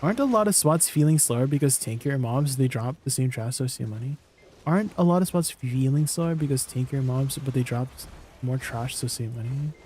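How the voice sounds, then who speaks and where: A man's voice: medium pitch, brisk, darkish tone, slight background noise. Chatty young man streaming a game. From Canada. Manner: chatty, answers chat questions, laughs at himself. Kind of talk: casual live-stream chat.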